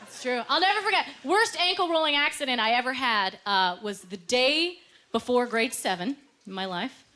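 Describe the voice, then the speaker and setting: A Canadian woman performs a stand-up set on a comedy club stage, live through a handheld mic. She's animated, laughs through her punchlines, and acts out quoted voices. Her voice sits high at a moderate pace, with audience laughter, room noise, and a faint crowd behind her.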